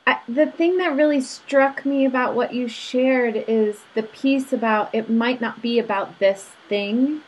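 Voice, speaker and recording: A woman's voice: fairly high pitch, a little slow, few pauses, darkish tone, lo-fi sound. A woman hosting an interview, asking reflective and personal questions about parenting her daughter. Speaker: host.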